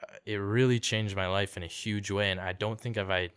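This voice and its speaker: A man's voice: fairly low pitch, fairly even intonation, fairly quick, a bit bright, smooth. A young man from Canada telling a story in casual podcast chat, laid-back, peppering his talk with "like" and "dude" and acting out quotes. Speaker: podcast guest, singer-songwriter.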